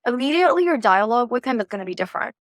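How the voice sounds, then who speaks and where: Woman coach chatting about relationships, bit high pitched, playful, dry close sound. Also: rapid-fire, dry recording. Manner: lively, acts out quoted lines; lighthearted and playful. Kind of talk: casual interview advice.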